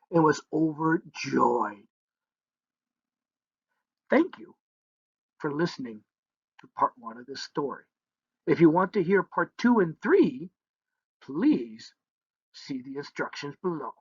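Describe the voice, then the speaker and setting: A man's voice: fairly high pitch, very animated, slow, long pauses, husky, no echo. A man narrating a children's story in a playful way, humming sound effects between lines, on a dull lo-fi recording.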